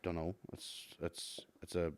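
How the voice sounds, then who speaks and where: Northern Irish man, young, lowish pitch, sweary casual podcast chat, dry close sound. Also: monotone, a little slow, no room sound. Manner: sweary, reads listener questions, laughs often. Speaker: podcast co-host.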